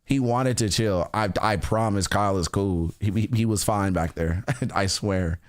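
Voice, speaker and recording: A man's voice: fairly low pitch, unhurried. Laughing, slangy streamer man. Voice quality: animated, laughs often, slangy. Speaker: streamer reacting to music. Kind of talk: casual livestream chat.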